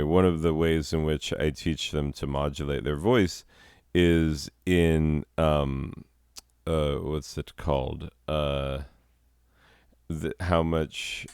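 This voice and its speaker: Male host, very deep, unhurried, sardonic asides. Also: little pitch movement, creaky, a little mellow, clear, resonant tone, no room sound, studio quality. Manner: sardonic, self-deprecating, chuckling. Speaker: host, drama teacher. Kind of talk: comedic hosting with asides.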